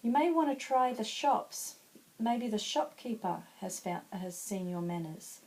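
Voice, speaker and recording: A helpful schoolchild from a spoken children's story, as a woman voices them, explaining manners plainly. The voice is mellow and soft. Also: mid-range voice, lively intonation, measured pace, a little hiss or hum, low-quality recording.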